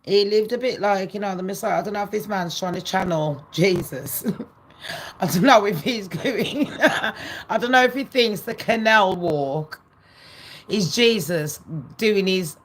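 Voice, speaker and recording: A woman's voice: medium pitch, unhurried. A woman vlogging gossip in a ranting, sarcastic monologue full of swearing and scorn.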